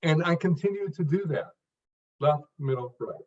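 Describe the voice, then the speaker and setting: A man's voice: fairly high pitch, moderate pace, darkish tone, recorded from a distance, highs cut off. A man giving an interview answer as a speech coach, talking in short emphasized phrases with frequent restarts.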